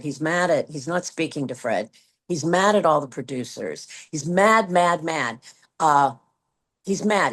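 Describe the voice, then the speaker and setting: Older woman telling a story, lower-pitched. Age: 70s. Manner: lively, acts out quoted dialogue with big pitch swings. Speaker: guest, former Broadway performer. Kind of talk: anecdotal storytelling.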